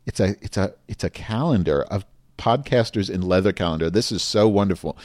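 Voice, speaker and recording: Speaking a little fast in a low-pitched, slightly mellow voice, this podcast host is recorded in studio quality with no room sound. An emphatic, cursing rant leads into casual show conversation.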